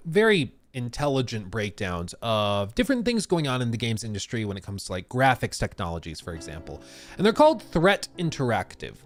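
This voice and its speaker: A medium-pitched man's voice, with no room sound, belongs to a streamer and games reviewer hosting a casual live stream. He reads chat comments out loud and chats in a rambling, self-deprecating manner, leaning heavily on fillers.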